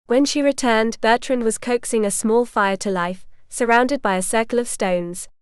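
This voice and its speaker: A woman narrating a historical romance audiobook in a measured storytelling manner. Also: fairly high pitch, fairly even intonation, clean tone, no room sound, clean studio sound. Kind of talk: scripted narration.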